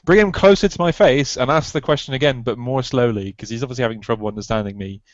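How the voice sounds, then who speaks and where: A man's voice: mid-range voice, fast talker, no room sound. A man playing in a tabletop game, talking in a blunt, joking way. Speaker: player. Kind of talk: casual tabletop game talk. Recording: muffled lo-fi mic.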